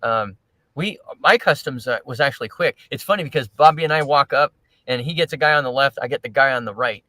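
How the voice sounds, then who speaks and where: Co-hosting a livestream, a man chats casually and retells stories, often quoting other people. His medium-pitched voice is brisk, bright, and forceful, on a rough recording with no room sound.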